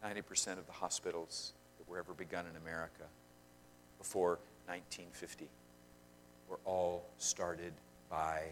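A man preaching a sermon, swinging between loud emphasis and quiet asides and questioning the congregation directly. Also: deep voice, slight background noise. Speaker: pastor.

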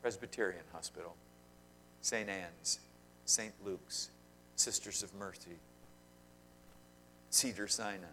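A man preaching a sermon, swinging between loud emphasis and quiet asides and questioning the congregation directly. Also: deep voice, takes it slowly, long pauses, slight background noise. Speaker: pastor.

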